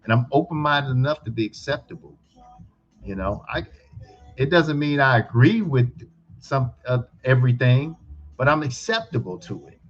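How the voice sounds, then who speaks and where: A man's voice: medium pitch, expressive, moderate pace, lo-fi sound. A man in a casual discussion, talking earnestly and emphatically, repeating his points. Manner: earnest, preachy, emphatic repetition. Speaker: co-host.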